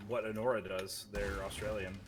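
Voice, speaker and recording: A man's voice: lowish voice, level tone, moderate pace, background noise. An American man streaming a game, bantering sarcastically with plenty of swearing and thanking chat. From United States. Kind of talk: casual gaming chat.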